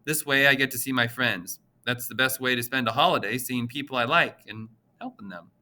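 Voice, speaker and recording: A man's voice: medium pitch, fairly quick, pushed and bright. A man voicing a small, chatty older male pharmacist with a nasal voice and a friendly, gossipy way of talking in an audiobook. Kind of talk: audiobook character voice.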